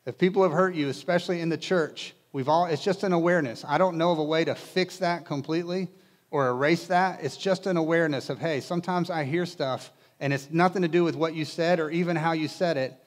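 A man's voice: a little high, fairly quick. Conversational male pastor preaching. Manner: conversational, casual asides and humor. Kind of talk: sermon. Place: church in front of a congregation.

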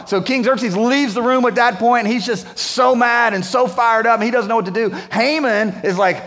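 A male pastor tells a story from the pulpit in a casual, slangy way. His voice sits fairly high. A long reverb from a large church hall hangs on his words. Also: moderate pace, few pauses, fairly bright tone. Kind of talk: sermon.

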